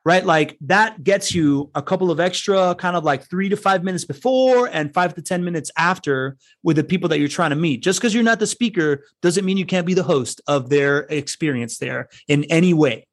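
A man talking through conference networking tips in loose, casual chat. His voice sits a bit high for a man, and he keeps tossing in "like" and "right?" as he goes. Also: normal speed, hardly any pauses. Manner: chatty, filler-heavy, keeps asking "right?". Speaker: podcast co-host giving networking advice.

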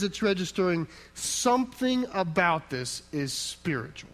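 A male pastor delivering a sermon with a voice a touch higher than most men's. He talks emphatically and conversationally, posing rhetorical questions and answering them himself, with frequent asides to his listeners. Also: expressive, measured pace, fairly bright tone, poor audio.

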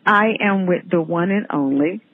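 A New woman hosts her podcast with giggly, flirty excitement, talking freely and teasing her guest. Her voice has a faint husky edge. It all comes through a tinny phone connection. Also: lowish voice, moderate pace. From New York. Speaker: podcast host. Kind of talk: casual podcast interview. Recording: tinny phone-line audio.

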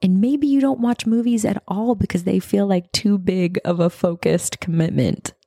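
A woman in her thirties, a podcast host reading her own reflective writing in an earnest, intimate way, slipping into breathy whispers. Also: medium pitch, steady tone, moderate pace, dry recording, studio quality. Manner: soft, earnest, intimate address to listeners, drifting into breathy whispers.

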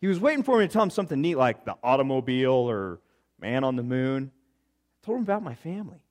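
A man preaching a sermon, telling stories in an animated, chatty, playful way. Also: medium pitch, fast. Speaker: pastor. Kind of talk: conversational sermon storytelling.

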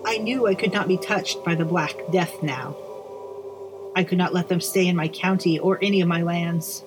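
A woman narrating a dark first-person story in a measured, dramatic reading. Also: fairly low pitch, soft background music. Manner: measured, slowing on dramatic lines.

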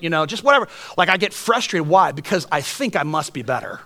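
A man preaching a sermon, telling stories in an animated, joking way and then dropping to soft, earnest tones. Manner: animated, jokey storytelling with quick shifts to soft, earnest lows. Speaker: pastor.

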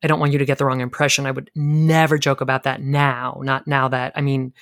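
A man's voice: medium pitch, flat delivery, brisk, fairly bright tone, no echo, clean studio sound, lightly acted. A man playing an awkward, rambling brother. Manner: rambling, defensive.

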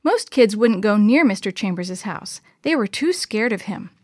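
A woman reading a children's chapter book aloud in a gentle, expressive storyteller voice. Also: mid-range voice, moderate pace, dry recording, studio quality.

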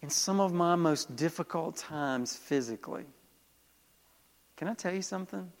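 High-voiced male pastor preaching in a hall. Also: darkish tone. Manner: emphatic preaching with call-outs to the congregation. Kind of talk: sermon.

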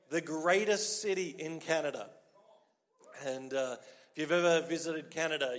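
A man with an Australian accent, a pastor preaching a sermon in a lively, joking, conversational way. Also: fairly high pitch. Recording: long hall reverb.

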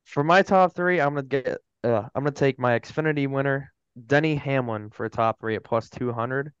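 A man lays out his betting picks plainly and without fuss. His voice is smooth and clear, recorded dry and a little dull. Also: medium pitch, a little fast, dry recording. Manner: matter-of-fact, listing picks. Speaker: podcast co-host. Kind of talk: casual sports betting chat. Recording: dry, slightly dull mic.

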